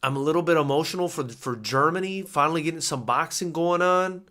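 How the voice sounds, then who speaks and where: A man hosting a live boxing companion stream, talking excitedly and emotionally, repeating himself as he reacts. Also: a little high, fairly quick. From United States. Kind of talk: live fight companion commentary.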